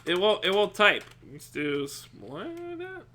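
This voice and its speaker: This live streamer talks slowly in a voice that sits high, with slight background noise. He chats casually with viewers, swears freely, laughs a lot, and yells at chat when excitement takes over.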